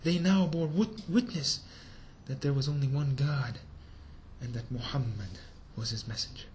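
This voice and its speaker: A man telling a religious story as a sermon, animated and speaking straight to his listeners, sometimes dropping to a whisper. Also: medium pitch, normal speed, noisy background. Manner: addresses listeners directly. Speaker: preacher.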